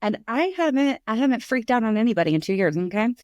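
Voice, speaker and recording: A middle-aged woman, a podcast guest, telling a candid story in conversation, lively and acting out the voices in it. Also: fairly high pitch, fast talker, no room sound. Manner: animated, acts out voices in her stories.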